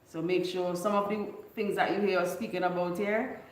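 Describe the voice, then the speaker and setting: A woman's voice: on the low side, steady tone, normal speed, echoey room, poor audio. Caribbean woman with a mixed island accent. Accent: Vincentian with Trinidadian and Grenadian traces. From Bequia, St Vincent and the Grenadines. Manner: laughs often, teaches local dialect phrases. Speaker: livestream host. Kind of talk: casual live chat with viewers.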